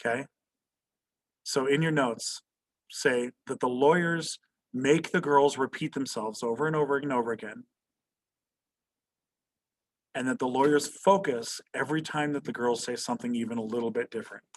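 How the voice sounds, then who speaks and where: A man teaching history online via video call speaks at medium pitch and a fairly quick clip. Throughout the lecture he poses questions to students and frequently ends statements with "right?"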